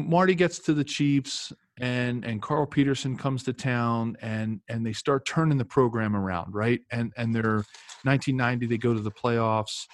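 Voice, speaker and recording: A man's voice: medium pitch, no room sound, studio quality. A man in his fifties, a former pro football player, telling stories casually with many fillers and restarts. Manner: rambling, lots of fillers and restarts. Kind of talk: casual storytelling.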